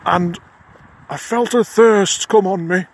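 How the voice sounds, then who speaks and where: A man voicing a gruff, blunt middle-aged lodge head with a broad Lancashire accent, matter-of-fact and casually swearing. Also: sits high, slow pace, pitched above the performer's own voice, exaggerated voice. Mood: deadpan.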